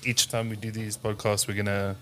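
Laid-back South African podcast co-host. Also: male voice, lowish voice, little pitch movement, brisk, over music. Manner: laid-back, says dude a lot. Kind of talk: casual chat.

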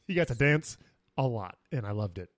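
A man co-hosting a casual movie review podcast, recapping scenes with excitable storytelling. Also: mid-range voice, a little fast, no echo, studio quality. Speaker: podcast co-host.

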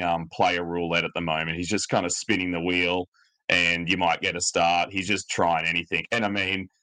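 A man co-hosting a podcast in casual chat, talking in a relaxed way with plenty of ums. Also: low-pitched, no room sound, low-quality recording. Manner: relaxed, lots of ums, easygoing. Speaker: podcast co-host.

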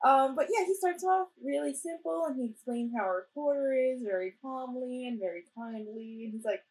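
A woman's voice: high-pitched, a little fast, few pauses, a little mellow, poor audio. A young woman co-hosting a casual chat about a ghost-hunting show, playful and giggly. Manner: playful, giggly, acts out quotes. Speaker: podcast co-host.

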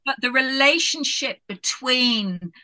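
A middle-aged woman from England speaks as a guest in a casual interview, her voice bright and forceful. She thinks out loud, circling back with "you know" and restarting her sentences. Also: high voice, animated, slow pace. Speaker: guest author.

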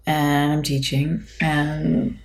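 A woman with a fairly low voice tells a story in relaxed podcast chat. She is animated and laughs easily, and she acts out the people she quotes. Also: extremely slow, vocal fry. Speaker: podcast co-host; piano teacher.

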